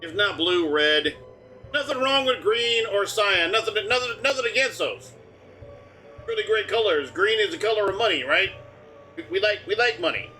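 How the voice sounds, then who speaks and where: A man's voice: high-pitched, lively intonation, moderate pace, sharp tone, soft background music. A man streaming a game live, rambling and joking as he talks through the on-screen prompts. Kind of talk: casual live game commentary.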